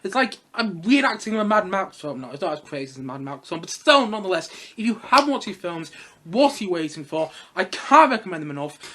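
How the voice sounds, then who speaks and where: A young man reviewing films in a casual vlog, excitable and gushing, rambling along with bursts of laughter. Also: sits high, brisk. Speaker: film reviewer.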